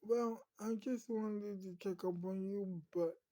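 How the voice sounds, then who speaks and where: A woman voicing a worried young woman who is unsure about her choices, speaking in a halting, nervous way. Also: medium pitch, fairly even intonation, warm tone, natural voice.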